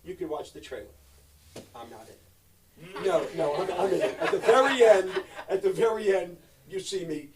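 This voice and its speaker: On a live-stream chat full of jokes, a middle-aged actor guest speaks at a moderate pace with lively intonation, his voice a touch higher than typical for a man. He alternates mumbled asides with loud profane outbursts, seems slightly distant from the mic, and a crowd can be heard behind him.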